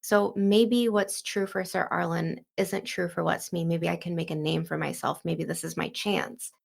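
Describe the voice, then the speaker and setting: Woman doing an earnest young male knight, low gravelly voice, casual. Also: steady tone, normal speed. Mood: musing. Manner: casual paraphrase in an everyday voice.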